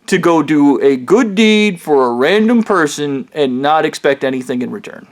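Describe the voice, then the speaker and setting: A man with a fairly high voice rambles through a personal monologue. He rants with agitation and swears a lot, and he keeps restarting his sentences as he goes. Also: expressive, normal speed, few pauses. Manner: agitated, profane ranting with frequent restarts. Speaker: vlogger.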